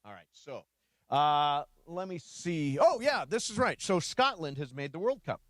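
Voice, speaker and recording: Man, sports radio co-host, higher voice, playful storyteller, dry studio mic. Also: sing-song, a little slow, a bit bright, no echo. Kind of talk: casual studio chat.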